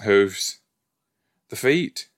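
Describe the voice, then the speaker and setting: A man with a fairly low voice talks unhurriedly through a casual watch-along, reacting aloud to what he sees on screen. He drifts into rambling asides and thinks out loud as he goes. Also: expressive, drawn-out words. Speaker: podcast host.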